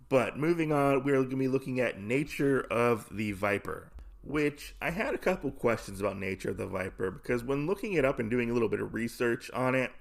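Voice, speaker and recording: A man's voice: medium pitch, gravelly. A man hosting a comic podcast, recapping a story in a casual, rambling, joking way, correcting himself as he goes. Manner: rambling, self-correcting, jokey.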